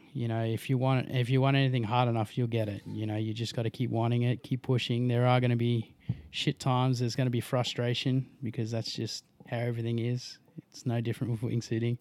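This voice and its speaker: A man's voice: mid-range voice, darkish tone, no room sound. A young Australian man chatting casually as a podcast guest, giving easygoing advice and laughing often. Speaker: podcast guest, wingsuit pilot. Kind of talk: casual chat.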